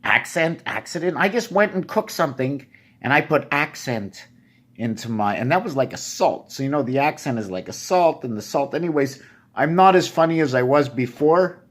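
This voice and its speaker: A man's voice: on the high side, animated, normal speed, a bit bright. A man talking alone in a rambling monologue, jumping between puns and asking himself questions as he goes. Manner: free-associating wordplay, questions to himself. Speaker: vlogger.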